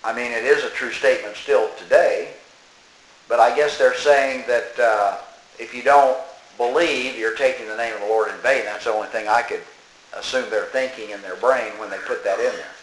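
A man's voice: medium pitch, steady tone, normal speed, roomy sound, slight background noise, rough recording. A man reading a religious tract aloud and commenting on it as he goes, emphatic and scolding. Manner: emphatic, scolding, talks back to the text.

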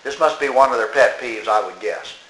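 Emphatic preacher reading and scolding, echoey room. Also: male voice, medium pitch, brisk, a bit bright. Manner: emphatic, scolding, talks back to the text. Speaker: preacher commenting on a religious tract. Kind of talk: reading aloud with running commentary.

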